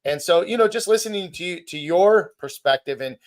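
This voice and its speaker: A man's voice: high-pitched, animated, brisk. A man who hosts a podcast and runs a martial arts school, talking thoughtfully with many restarts. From United States. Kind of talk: casual podcast conversation.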